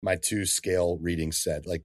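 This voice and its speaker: A man in his thirties, a fitness coach talking in a casual podcast interview, animated and slangy, calling people dude and man. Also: low voice, normal speed, dry recording, studio quality.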